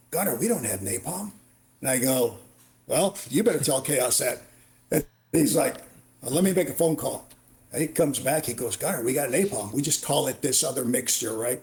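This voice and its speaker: A middle-aged man, a retired Marine warrant officer, tells war stories as a podcast guest and acts out the dialogue. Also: medium pitch. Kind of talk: storytelling interview.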